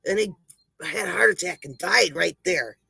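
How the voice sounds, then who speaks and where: High-voiced man cracking corny jokes. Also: normal speed, gravelly, pushed and bright, slightly rough, no echo, rough recording. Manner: laughs at his own jokes, self-deprecating. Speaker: comedy livestream host. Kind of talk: telling one-liner jokes to a live chat.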